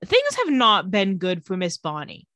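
Bright, lively woman recapping a show. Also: medium pitch, measured pace, dry recording, studio quality. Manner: animated storytelling, laughs often. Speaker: podcast co-host recapping a TV episode. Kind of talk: casual recap chat.

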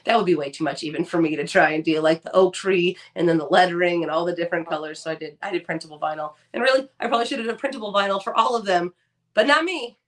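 A woman's voice: fairly low pitch, rapid-fire, few pauses. A woman co-host talks in casual chat, a bit distant from the mic. She runs herself down with humor and tosses off dry quips. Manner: self-deprecating, dry quips. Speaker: podcast co-host.

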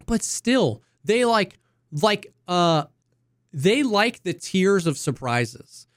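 A man co-hosting a gaming podcast, talking in a loose, animated, casual way, saying "dude" and "you know what I mean" often. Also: high-pitched, slow pace, dry recording, studio quality. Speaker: podcast co-host.

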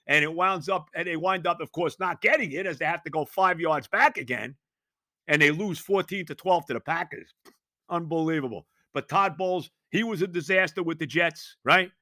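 Exasperated high-voiced sports ranter. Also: male voice, pushed and bright, no echo, clean studio sound. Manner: exasperated, sarcastic, rapid rhetorical questions. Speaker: sports talk host. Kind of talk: ranting sports commentary monologue.

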